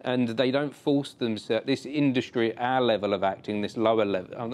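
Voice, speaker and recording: A man hosting an interview, speaking in a reflective, agreeing way and often answering with soft murmurs. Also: medium pitch, steady tone, normal speed. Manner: reflective, agreeing, gentle backchannel. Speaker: host. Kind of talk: interview conversation. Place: theatre.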